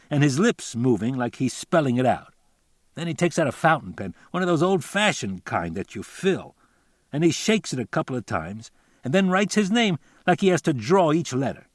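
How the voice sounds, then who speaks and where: A man's voice: fairly high pitch, dry recording, clean studio sound, pitched above the performer's own voice. A man voicing a chatty small-town realtor who tells a story in folksy, ungrammatical talk. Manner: folksy rambling storyteller, colloquial grammar. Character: chatty middle-aged male small-town realtor, boastful.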